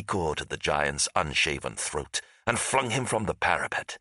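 A man narrating a fantasy audiobook in a dramatic, lively storytelling manner. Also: very deep voice, moderate pace, hardly any pauses, no room sound, studio quality. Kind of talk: scripted narration.

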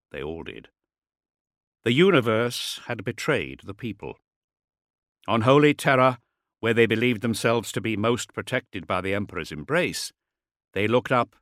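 A man with a lowish voice narrates an audiobook in a scripted, dramatic style, his pitch rising and falling widely through each sentence. The recording is dry and close, with no room sound. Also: no room sound. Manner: dramatic, with lively pitch swings.

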